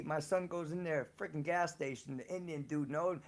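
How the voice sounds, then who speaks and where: A man with a fairly high-pitched voice tells personal stories in a relaxed, slangy way. He swears freely and breaks into laughter often. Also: measured pace, creaky. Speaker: storyteller on a live show. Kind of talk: casual storytelling.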